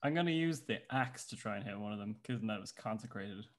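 A man's voice: lowish voice, expressive, fast talker. A man playing a character in a tabletop game, chatting casually and poking fun at his own bad rolls. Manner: chatty, self-mocking about his dice rolls. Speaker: player.

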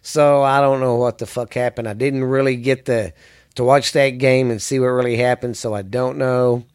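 A man's voice: medium pitch, steady tone, moderate pace, clean tone. Cursing man ranting about football. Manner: angry, cursing, rambling. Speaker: sports podcast host. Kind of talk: profane ranting commentary.

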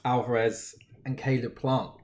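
A man's voice: medium pitch, fairly even intonation, unhurried, a little mellow. A man co-hosting a podcast, chatting casually, mostly agreeing in short replies and rambling a bit when he takes over. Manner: easygoing listener, brief agreements, rambling when he talks. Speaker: podcast co-host. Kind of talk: casual chat.

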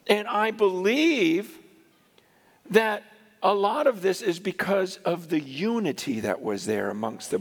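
Man, preacher, high voice, animated storytelling, loud then hushed, long hall reverb. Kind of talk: sermon.

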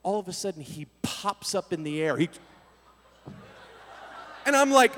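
A man preaching a storytelling sermon to young people, acting out scenes with voices and sudden loud bursts. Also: very high voice, brisk, long pauses. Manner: animated, acts out scenes with voices and sudden shouts. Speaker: youth pastor. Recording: reverberant hall.

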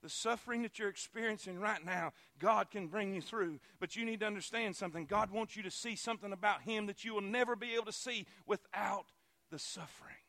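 A man preaching a sermon in a church, fervent and repetitive, building to shouts. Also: high-pitched, brisk, gravelly.

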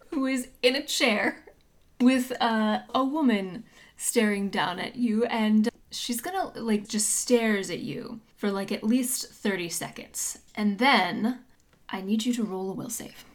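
A woman's voice: on the high side, slow. A woman game master narrating a tabletop game in a casual, rambling way. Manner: casual, rambling, filler-heavy.

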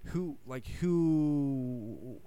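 A man in casual podcast chat, talking excitedly, swearing and acting out his own reactions. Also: mid-range voice, very slow, clear, resonant tone.

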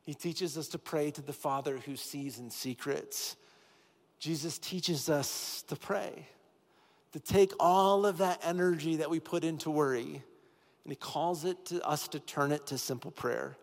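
A man's voice: on the high side, unhurried, gravelly. Man preaching in a reverberant church. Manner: earnest, repeating key phrases with rising intensity. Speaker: pastor. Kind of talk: sermon. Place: church sanctuary with long reverb. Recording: reverberant hall with soft music behind.

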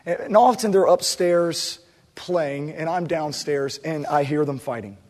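Male pastor, 30s, preaching a sermon, a touch high-pitched, quiet musing rising to loud fervor, long church-hall reverb. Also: unhurried. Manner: builds from quiet reflection to loud impassioned preaching.

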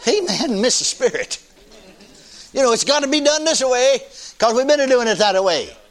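An older man preaching a sermon in a folksy, animated way, often laughing with his congregation. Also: very high voice, normal speed.

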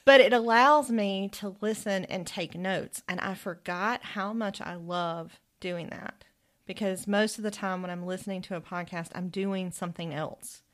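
A woman's voice: mid-range voice, steady tone, normal speed, a bit bright. Chatty woman podcast co-host. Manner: chatty, laughs often, reflective. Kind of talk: casual chat.

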